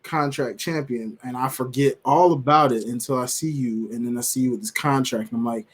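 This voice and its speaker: A man's voice: mid-range voice, steady tone, brisk. A man co-hosting a wrestling podcast, chatting casually with slang and acting out quotes in funny voices. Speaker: podcast co-host.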